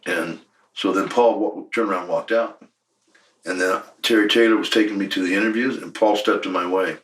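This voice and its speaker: A man's voice: low-pitched, steady tone, a little fast, fairly bright tone, distant mic, rough recording. Blunt, profane older man telling stories. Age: 60s. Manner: blunt, profane, emphatic storytelling. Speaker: interview guest, former wrestler. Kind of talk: shoot interview storytelling.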